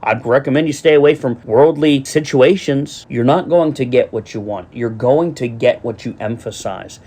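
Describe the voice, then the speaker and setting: A man's voice: mid-range voice, normal speed, mellow, husky. A middle-aged man preaching a sermon as a pastor, earnest, speaking straight to his listeners and repeating his refrains.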